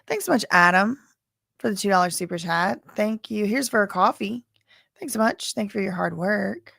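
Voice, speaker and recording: With a medium-pitched, creaky, fairly bright voice at normal speed, a Louisiana woman hosts a court-case livestream. She rambles and chats directly with viewers, and the recording is dry and studio quality.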